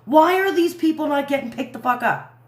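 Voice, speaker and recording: A woman's voice: high voice, expressive, fairly quick, echoey room. A woman hosting a livestream who rants angrily with heavy swearing and keeps trailing off and restarting. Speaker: livestream host. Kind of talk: angry live commentary.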